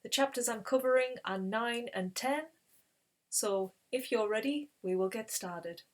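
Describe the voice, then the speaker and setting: A woman's voice: on the high side, unhurried. Woman casually retelling scripture. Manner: conversational, explains with asides. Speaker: Bible reading channel host.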